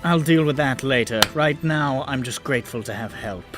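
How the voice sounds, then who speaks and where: Orin, a man putting him on, steady leader, measured grave talk, soft tabletop-game voice. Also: mid-range voice, over music, voice pushed down, lightly acted. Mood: calm resolve.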